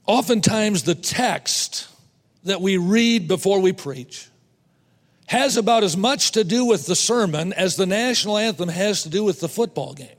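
A man preaching a sermon to fellow preachers, emphatic, repeating words and slowing down to stress points. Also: high voice, animated, in a large hall. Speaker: preacher teaching other preachers.

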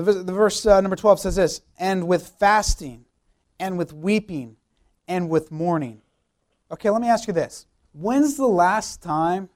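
A man's voice: high voice, a little mellow. Emphatic man preaching a sermon. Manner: emphatic, repeats key phrases, rhetorical questions. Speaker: youth pastor.

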